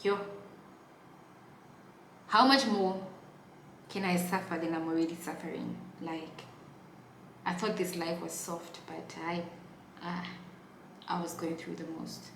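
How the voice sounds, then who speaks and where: A young Namibian woman tells a story on YouTube in an animated storytime vlog, dramatically swinging from hushed asides to loud exclamations. Her low-ish, creaky voice has little pitch movement, normal speed and long pauses. The sound is roomy and echoey, with faint ambience and a slight hiss or hum.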